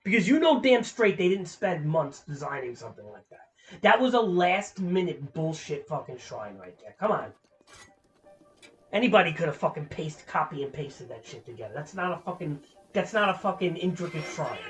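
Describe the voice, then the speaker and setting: Ranting high-voiced male streamer. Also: very animated, normal speed, faint music behind. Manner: frustrated, profane ranting. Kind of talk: casual gameplay commentary.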